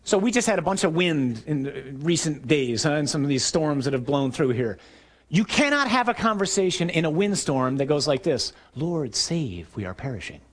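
Animated man preaching a sermon. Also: on the high side, moderate pace. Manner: storytelling, acts out scenes with raised shouting voice.

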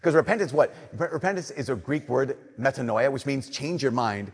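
A young adult man giving a sermon, telling animated stories and swinging between loud emphasis and soft, slow lines. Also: medium pitch, breathy edge. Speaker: Catholic priest. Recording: long reverb of a church.

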